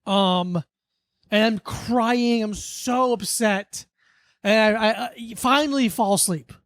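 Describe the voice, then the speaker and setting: A podcast co-host from Hollywood, Florida, in the US, tells a childhood story in loose, casual chat that's full of "like." The voice is mid-range and fairly bright, the pace slow, and the recording dry, with a rambling manner.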